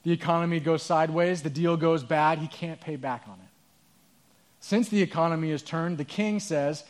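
Guy preaching, earnest storytelling, kinda high voice. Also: moderate pace. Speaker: pastor. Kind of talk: sermon.

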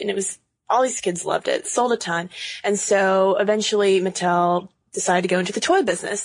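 A woman's voice: mid-range voice, no echo. Chatty woman podcast co-host, dry studio mic. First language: English. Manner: chatty, laughs often, frequent fillers. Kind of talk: casual podcast chat.

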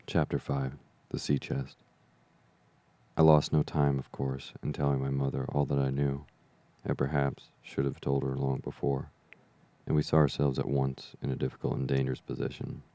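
A man narrates a classic novel for an audiobook, steady and measured. His voice is extremely deep and dark, with a gravelly fry. The line stays flat, with little rise and fall. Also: no echo. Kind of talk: scripted narration.

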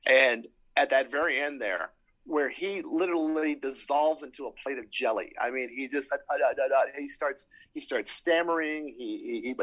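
A man's voice: medium pitch, a bit bright, poor audio. Hesitant man rambling with fillers. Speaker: panelist. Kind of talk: casual chat.

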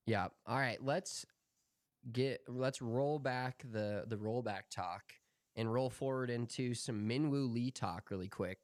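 A man co-hosting a golf podcast, talking in a relaxed, opinionated way and swearing casually. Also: mid-range voice, clean tone, dry recording, clean studio sound. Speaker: podcast co-host.

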